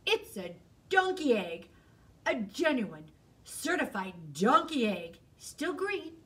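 A woman voicing a sly, fast-talking male fox who sells a swindle with showy salesman patter. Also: fairly high pitch, sing-song, fairly bright tone, distant mic, heavily acted. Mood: coaxing.

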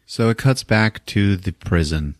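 A man's voice: on the low side, a little slow, no room sound, studio quality. A man hosting a podcast, retelling a movie casually with laughter and swearing. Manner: laughing, profane, animated retelling. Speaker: podcast host.

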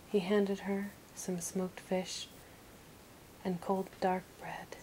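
A woman reading a fantasy audiobook in a soft, slow whisper. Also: mid-range voice, little pitch movement, slight background noise, rough recording. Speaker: audiobook reader.

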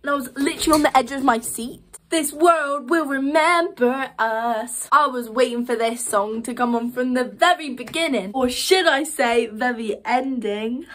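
Young woman, vlogger, excited and gushing, chatty with lots of fillers, slightly high voice. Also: moderate pace. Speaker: vlogger reviewing a musical. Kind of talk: excited casual review.

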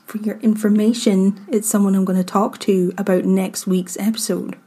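A woman's voice: mid-range voice, flat delivery, moderate pace, warm tone, slightly rough. A woman co-hosting a podcast, chatting casually and laughing easily as she reads from her notes. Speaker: podcast co-host presenting the story. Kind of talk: casual chat.

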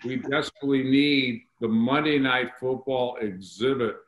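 A man's voice: mid-range voice, moderate pace, roomy sound, poor audio. A man hosting a podcast interview, talking enthusiastically about history and honoring guests. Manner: enthusiastic, promotional. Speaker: podcast host. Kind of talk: interview chat.

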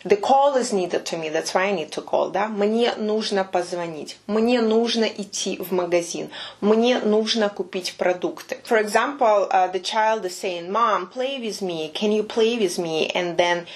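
A woman runs a relaxed language lesson. She explains patiently and slowly repeats phrases, at an ordinary middle pitch. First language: Russian. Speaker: Russian teacher.

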